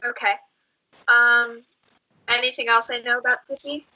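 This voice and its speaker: A woman asks quick, casual questions while playing a tabletop game. Her voice is high, with a sharp, very bright edge. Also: little pitch movement, highs cut off. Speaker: player.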